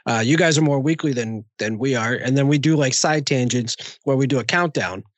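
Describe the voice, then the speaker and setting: A man's voice: medium pitch, a little fast, no echo. Laid-back man. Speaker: podcast guest. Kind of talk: casual chat.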